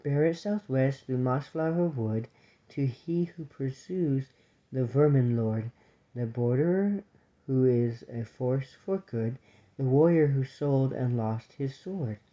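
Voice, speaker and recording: Storybook: earnest young squirrel maid, sincere and urgent, read by a man; mellow tone, dull audio. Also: medium pitch, takes it slowly, natural voice. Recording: dull lo-fi recording.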